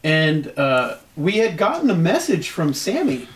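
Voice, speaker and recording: A man's voice: a little high, huge pitch swings, unhurried, a little hiss or hum. A young man co-hosting a casual wrestling show, talking over old match footage and often repeating his words. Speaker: wrestling promotion co-host.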